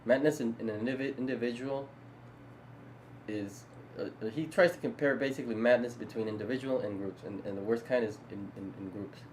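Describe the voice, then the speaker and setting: A man's voice: medium pitch, fairly even intonation, brisk, slight background noise, rough recording. A man co-hosting a podcast, talking in a loose casual chat with many restarts and laughs between thoughts. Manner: rambling, frequent restarts, laughs while talking. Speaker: podcast co-host.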